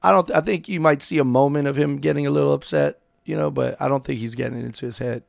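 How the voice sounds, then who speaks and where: A man co-hosting a casual chat, gravelly and halting, often restarting his sentences in a jokey way. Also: on the high side, steady tone, no echo, clean studio sound. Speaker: podcast co-host.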